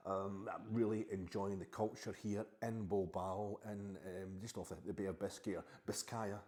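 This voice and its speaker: A man's voice: lowish voice, steady tone, normal speed, a little mellow. A middle-aged Scottish man hosting a podcast, rambling sheepishly in a comic monologue and answering back to his unseen wife. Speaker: podcast host.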